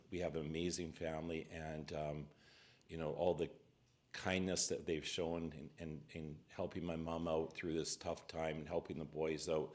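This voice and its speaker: A man speaking at a memorial reception, telling family stories and thanking relatives, often pausing with fillers and restarts. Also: low-pitched. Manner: halting, many fillers and restarts. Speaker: family member giving a eulogy. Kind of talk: memorial speech, personal stories.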